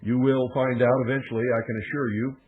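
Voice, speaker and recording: A man's voice: medium pitch, flat delivery. Emphatic male radio host, lo-fi. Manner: forceful, emphatic, warning tone with dramatic pauses. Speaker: radio talk show host. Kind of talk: radio broadcast monologue. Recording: phone-like lo-fi radio audio.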